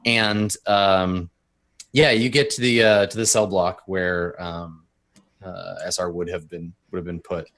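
A man's voice: low voice, flat delivery, a little slow, a bit bright. A man running a tabletop role-playing game as game master, narrating scenes with frequent ums and uhs.

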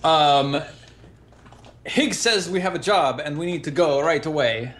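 A man's voice: on the high side, measured pace, fairly bright tone. A man voicing a flustered, out-of-shape male psychic who stammers and pants. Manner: panting, stammering.

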